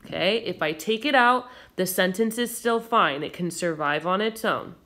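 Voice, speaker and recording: A woman teacher explaining a recorded grammar lesson patiently and clearly, with occasional fillers. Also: fairly low pitch, lively intonation, moderate pace, bright, forceful tone.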